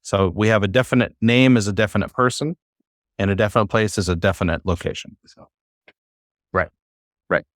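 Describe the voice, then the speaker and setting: A man's voice: fairly low pitch, a little fast, pauses often, no echo, clean studio sound. A man teaching a class, who explains patiently and coaxes his students to try reading aloud. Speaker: Hebrew teacher.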